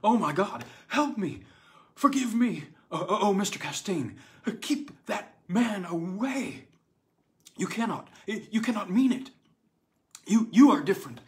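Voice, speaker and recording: A man's voice: high voice, big pitch swings, a little slow, a little mellow, pitched above the performer's own voice. A man voicing a broken-down, terrified man who stammers and pleads hysterically in an audiobook reading. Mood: panicked pleading. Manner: sobbing, stammering, frantic pleading.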